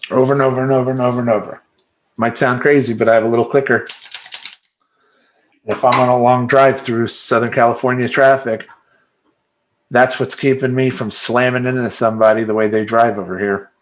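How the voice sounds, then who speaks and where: Animated, emphatic male life coach. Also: mid-range voice. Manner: animated, emphatic, repeats affirmations rhythmically. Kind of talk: motivational monologue.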